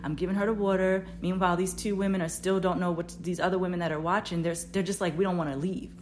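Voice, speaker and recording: A woman podcast host telling a story in a casual, animated, profane way, her voice jumping up loud when she quotes herself. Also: on the low side, fast talker, a little hiss or hum.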